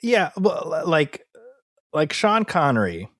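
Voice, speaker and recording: A man co-hosting a movie podcast in casual chat, animated and fond of quoting people in put-on voices. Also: fairly high pitch, slow, dry recording, studio quality. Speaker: podcast co-host.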